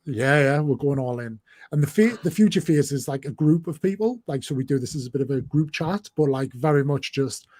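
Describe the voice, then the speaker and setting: Chatty northeast English man, husky and mellow. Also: fairly high pitch, lively intonation, brisk, few pauses. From northeast England. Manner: chatty, rambling, many fillers and restarts. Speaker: host. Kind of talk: casual chat on a livestream.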